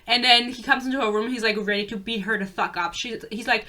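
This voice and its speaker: A woman's voice: on the high side, steady tone, fast, sharp tone. Ranting young woman. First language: German. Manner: exasperated, sarcastic, swears freely. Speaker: book reviewer. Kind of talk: casual book rant.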